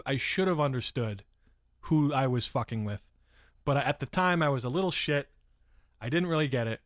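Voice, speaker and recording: A man's voice: medium pitch, no room sound, clean studio sound. Rambling streamer man from San Francisco. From San Francisco, USA. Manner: rambling, swears freely, breaks off to read chat. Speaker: livestreamer. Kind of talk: casual live-stream storytelling.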